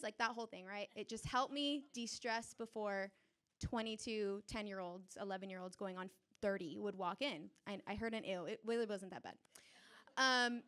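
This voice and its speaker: A young adult woman telling a personal story on stage before a live audience, animated and chatty, often laughing. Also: medium pitch, normal speed.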